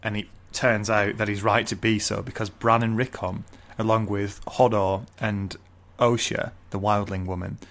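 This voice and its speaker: Young male co-host, low-pitched, casual, giggly, halting delivery. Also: level tone, a bit bright. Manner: chatty, laughs often, hesitant with fillers. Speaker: podcast co-host. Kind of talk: casual book discussion.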